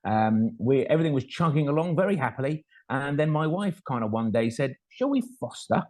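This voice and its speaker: A middle-aged man tells a story in a relaxed, talkative way. He speaks at a mid pitch, drops in plenty of fillers, and acts out the lines of the people he met with humour at his own expense. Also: a little fast. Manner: chatty and self-deprecating, acts out dialogue, frequent fillers. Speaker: foster carer telling his story. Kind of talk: anecdotal storytelling talk.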